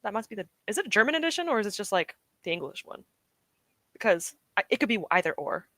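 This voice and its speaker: A woman's voice: mid-range voice, sing-song, quick pace, fairly bright tone, no room sound. A young woman streaming from home, chatting casually and encouragingly with her live chat, often laughing. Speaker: streamer hosting reading sprints.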